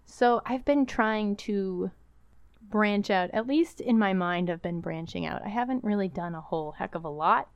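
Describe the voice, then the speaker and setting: A woman's voice: mid-range voice, normal speed, creaky, clear, resonant tone, no room sound, muffled recording. Woman, casual co-host, chatty, dry close recording. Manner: chatty, laughs often, acts out quotes. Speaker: podcast co-host. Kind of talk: casual chat.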